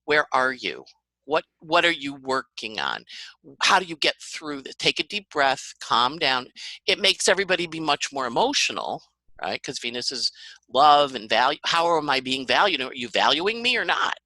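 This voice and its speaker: A woman astrologer talking as a podcast guest, animated and dramatic, breaking into little acted-out voices and sports comparisons. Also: a bass voice, moderate pace, dry recording, rough recording. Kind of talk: podcast conversation.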